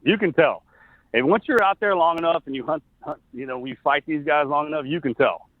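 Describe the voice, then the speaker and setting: A middle-aged man, a former soldier, tells a personal story as an interview guest. He is earnest and halting, often restarting his sentences. His voice comes through a thin, tinny phone line with no room sound. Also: on the high side, dry recording. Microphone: phone call.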